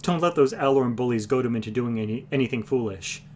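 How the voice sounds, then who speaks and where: A man's voice: mid-range voice, fast talker, a little hiss or hum, lightly acted. A man voicing a plump, tearful little queen who fusses over her husband in a fantasy audiobook reading. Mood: fretful pleading.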